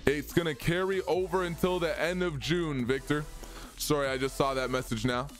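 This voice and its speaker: A man's voice: a little high, fairly even intonation, moderate pace, soft background music. A young man streaming a racing game live, chatting casually and answering viewers' chat as he plays.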